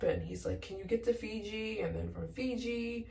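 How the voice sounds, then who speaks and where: A woman's voice: medium pitch, a little fast, creaky, few pauses, roomy sound, far from the mic. A young woman from the United States, a travel vlogger telling a story in a casual, emotional way, close to tears and acting out both sides of her conversations.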